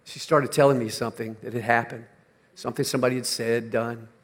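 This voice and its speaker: An older man preaching a sermon, moving from quiet, low-key talk to loud, shouted emphasis. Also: steady tone, brisk, big-room sound. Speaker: pastor.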